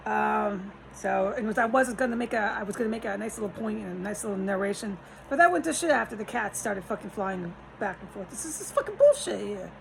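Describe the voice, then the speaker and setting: A woman's voice: medium pitch, expressive, quick pace, gravelly, hardly any pauses, slight background noise, low-quality recording. A woman vlogging from a rented room, talking in a rambling, frustrated way, cursing often and restarting her sentences. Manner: agitated, profane, trailing off and restarting.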